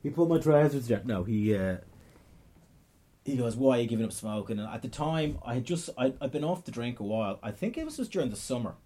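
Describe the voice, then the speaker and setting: A man's voice: medium pitch, very animated, brisk, dark tone. A young man with a Dublin accent, a stand-up comedian telling a rambling, profane story in casual chat, often cutting himself off mid-sentence. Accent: Irish, Dublin. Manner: rambling, profane, self-interrupting.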